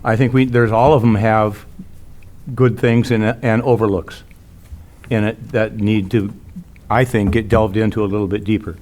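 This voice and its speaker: Lowish-voiced man chatting in a meeting. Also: level tone, normal speed, a little mellow. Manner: rambling, conversational, restarts. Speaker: commission member. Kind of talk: meeting discussion.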